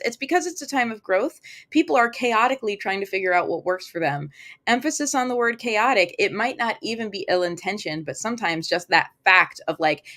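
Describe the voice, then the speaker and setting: A woman's voice: lowish voice, fairly bright tone. A woman reading tarot cards on a live stream, chatting casually with fillers and acting out little quoted thoughts.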